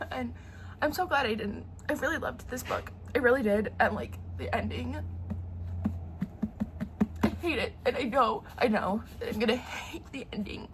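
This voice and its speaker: A woman's voice: fairly high pitch, moderate pace, background noise. A young woman vlogging about books in casual chat, sounding nasal from a sore throat, emotional and full of fillers and restarts. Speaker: book vlogger.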